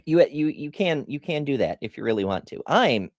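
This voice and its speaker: Her voice sits low and darkish, with big pitch swings at a normal speed, in a dry, studio-quality recording. This middle-aged woman runs a casual livestream question-and-answer session, wandering into tangents, poking fun at herself and laughing and restarting often.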